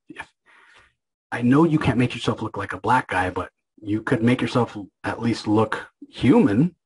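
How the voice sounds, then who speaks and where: A man's voice: fairly low pitch, slightly rough, low-quality recording. A man casually recapping a comic book issue, rambling and opinionated, with lots of filler words.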